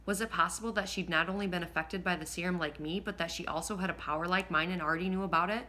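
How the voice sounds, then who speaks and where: A woman narrating a first-person audiobook in a lively, expressive way, now and then slipping and rereading a line. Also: on the low side, fast talker. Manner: lively, expressive reading with occasional slips and rereads.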